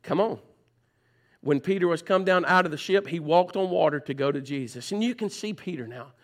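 A man preaching a sermon as pastor, swinging between loud urgent passages and soft, low pleading, repeating phrases for emphasis. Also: fairly quick.

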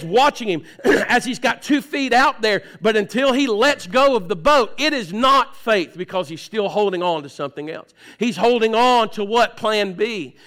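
A man preaching a sermon as pastor, swinging between loud urgent passages and soft, low pleading, repeating phrases for emphasis.

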